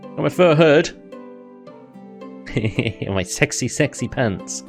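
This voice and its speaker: A man's voice: medium pitch, expressive, slow, gravelly, soft background music. A man giving casual, joking commentary while playing a video game, laughing often. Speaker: gaming YouTuber.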